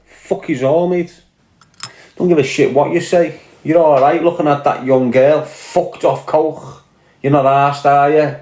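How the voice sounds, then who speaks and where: A man's voice: a little high, fairly even intonation, measured pace, darkish tone, reverberant. A man with a Scouse accent from Liverpool, delivering an angry, profane, confrontational rant to camera. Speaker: online commentator.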